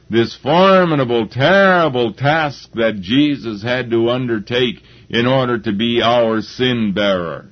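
A man preaching a sermon, slow and deliberate, with halting restarts as he gathers his thoughts. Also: medium pitch. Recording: dull lo-fi recording.

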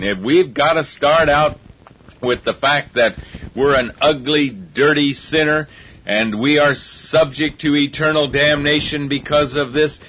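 A man's voice: fairly high pitch, a little hiss or hum. A man preaching a sermon in an earnest, reasoning way, often repeating words as he builds his point. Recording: dull lo-fi recording.

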